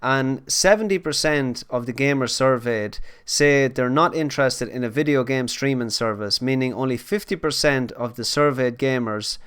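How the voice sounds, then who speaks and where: A man's voice: medium pitch, fairly bright tone, clear, resonant tone. A man hosting a gaming podcast, asking friendly questions and reading out news items. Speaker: podcast host. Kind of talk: casual chat and news reading.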